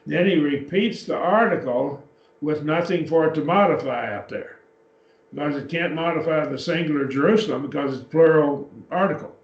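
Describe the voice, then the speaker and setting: A man's voice: a little high, moderate pace, dull audio. Man teaching a Bible class, echoey and distant. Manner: explanatory, checks with "okay?". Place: church classroom.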